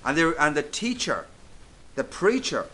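Male preacher, sermon delivery, measured and emphatic, crisp forceful tone. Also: a little high, very animated. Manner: emphatic, deliberate preaching with repeated phrases.

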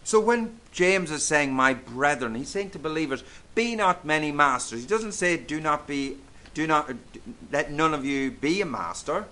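A man preaching a sermon, emphatic and deliberate, repeating key phrases for weight. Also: a little high, lively intonation, sharp tone.

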